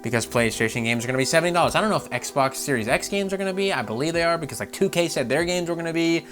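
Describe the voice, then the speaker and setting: Profane, animated man ranting about games. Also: on the high side, rapid-fire, faint music behind. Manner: animated, profane, laughing, swings between loud outbursts and mutters. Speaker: gaming channel host. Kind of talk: gaming news rant.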